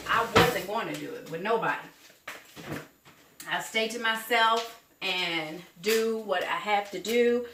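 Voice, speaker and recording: A woman's voice: medium pitch, noisy background. A woman with a Southern US accent chatting casually while she cooks, folksy and talkative, calling her viewers honey and baby. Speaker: cooking vlogger. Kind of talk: casual cooking chat to camera. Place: home kitchen. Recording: roomy kitchen with cooking noises. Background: faint clatter of dishes and cutlery.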